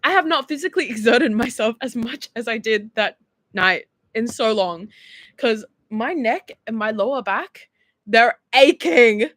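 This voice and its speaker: A young Australian woman in her early twenties chats casually on a stream, giggling and using lots of fillers as she reads out viewer texts. Her fairly high voice is lively, unhurried and a touch bright, with no room sound.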